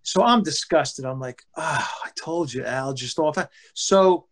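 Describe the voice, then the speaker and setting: A man, a former baseball pitcher, telling casual anecdotes with animated delivery, acting out his teammates' lines and swearing casually. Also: unhurried.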